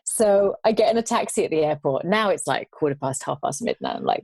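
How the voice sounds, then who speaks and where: A woman guest on a podcast, telling travel stories in casual conversation, animated and laughing now and then. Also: sits low, fairly quick, gravelly, dry recording.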